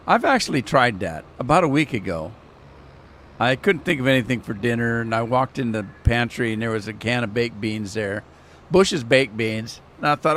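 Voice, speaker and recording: A man streaming a farming game who chats casually, rambles into stories and chuckles at his own jokes. His voice sits at an ordinary middle pitch, with a faint hum of vehicle noise behind it. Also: expressive, moderate pace, a bit bright. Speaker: gaming live streamer. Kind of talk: casual live-stream commentary.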